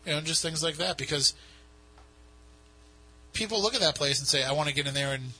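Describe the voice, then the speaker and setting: A man's voice: a little high, fairly quick, pushed and bright, slightly rough, low-quality recording. A man hosting a casual radio talk show, rambling and poking fun at himself. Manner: rambling, self-mocking. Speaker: podcast host.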